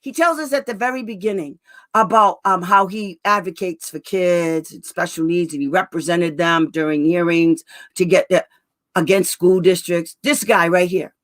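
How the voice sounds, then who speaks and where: A woman's voice: lowish voice, normal speed. A woman special education advocate in casual talk, ranting bluntly and with exasperation, drawing out words for emphasis.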